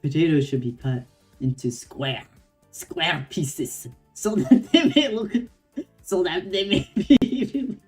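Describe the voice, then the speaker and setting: A woman's voice: a bass voice, faint music behind, full character voice. A woman voicing a fussy male head chef in a put-on French accent, stumbling through it. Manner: halting, stumbling over the accent.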